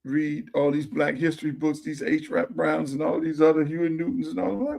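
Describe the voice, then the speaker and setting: A man's voice: on the high side, little pitch movement, moderate pace, gravelly, darkish tone. A man in his sixties hosting a podcast, talking in an impassioned, preachy way, repeating himself and swearing freely. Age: 60s. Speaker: podcast host. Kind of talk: casual monologue. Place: home theater room.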